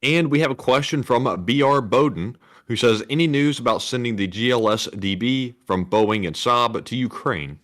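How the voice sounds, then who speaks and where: A man co-hosting a live stream, relaxed as he reads out viewer questions. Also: mid-range voice, normal speed, hardly any pauses. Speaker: co-host reading viewer questions.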